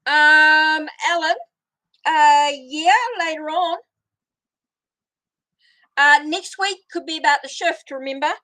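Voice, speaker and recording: A woman's voice: high voice, steady tone, slow, pauses often, sharp tone. A middle-aged woman hosting a casual live tarot stream, rambling as she greets viewers and answers their comments. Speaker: tarot reader hosting a livestream.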